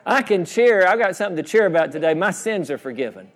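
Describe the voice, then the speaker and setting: A man's voice: high-pitched, sing-song, quick pace. A man preaching a sermon, repeating phrases and calling for responses from the congregation. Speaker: pastor. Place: church sanctuary. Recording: long church reverb.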